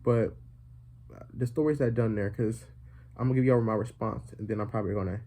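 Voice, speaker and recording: A young man telling a comedic story to his viewers in a rambling way, full of fillers and deadpan jokes. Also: fairly low pitch, fairly quick. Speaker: vlogger.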